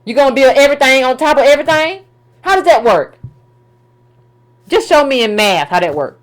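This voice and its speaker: A woman with a high-pitched voice delivers a political commentary rant, speaking a little fast and expressively. Her style is emphatic and colloquial as she circles back on her words and fires off rhetorical questions.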